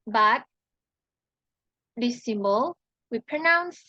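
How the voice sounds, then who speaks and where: Slow, halting young woman student. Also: a little high, expressive, pushed and bright, dry recording, muffled recording. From Indonesia. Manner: slow, halting, repeats each sound and example word. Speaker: student presenter. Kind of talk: class presentation on pronunciation.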